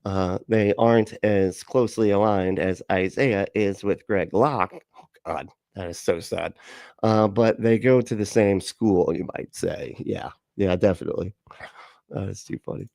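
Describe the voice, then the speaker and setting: A man hosts a casual livestream, reacting to chat comments with sarcasm, swearing and frequent laughter. His voice sits low with a gravelly edge. The sound is dry and close. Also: steady tone, unhurried, a little mellow, no room sound. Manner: sarcastic, profane, laughs often. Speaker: livestream host.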